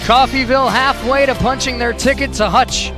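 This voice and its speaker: A man calling a basketball game play-by-play, shouting excitedly and a little out of breath. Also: extremely high pitch, moderate pace. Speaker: play-by-play announcer. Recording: broadcast with loud crowd and music behind. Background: crowd noise and music.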